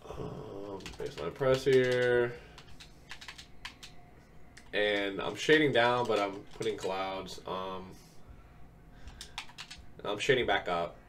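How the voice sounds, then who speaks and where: A man's voice: lowish voice, slow pace, pauses often, fairly bright tone. A young man recovering from an illness gives casual gameplay commentary, laid-back and full of ums as he explains plays step by step. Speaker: video game tips creator. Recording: distant mic, faint keyboard noise.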